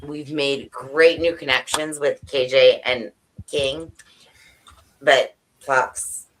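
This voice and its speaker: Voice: medium pitch, steady tone, slow, a bit bright, slight background noise. A host chatting casually on a stream, gushing and affectionate toward friends. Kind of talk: casual chat.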